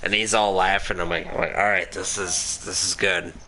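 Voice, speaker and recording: A man's voice: low-pitched, steady tone, moderate pace, pushed and bright. Laughing, swearing American man. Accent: Upper Midwest American. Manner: rambling, swears a lot, laughs often. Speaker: gaming podcast host. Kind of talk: casual storytelling chat.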